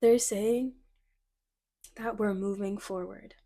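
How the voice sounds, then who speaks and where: A woman's voice: mid-range voice, slow pace. Young woman doing a chatty tarot reading, giggly and gushy, says like a lot, kinda flustered, medium voice. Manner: excitable and giggly, lots of "like" fillers; gushing, slightly flustered. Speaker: tarot card reader. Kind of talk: casual intuitive card reading.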